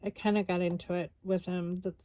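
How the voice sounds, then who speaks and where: A woman's voice: fairly low pitch, level tone, a little fast, dark tone, dry recording. An exhausted woman chatting casually while she crafts, rambling with lots of fillers. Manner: rambling, tired, many fillers. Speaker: scrapbooking vlogger.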